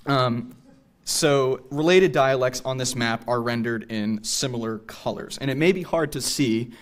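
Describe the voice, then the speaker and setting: Young male lecturer, mid-pitched, easygoing and chatty, speaking to a small theater audience. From New England. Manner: conversational, frequent ums and tag "right?". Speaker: local history lecturer. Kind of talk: public lecture with slides.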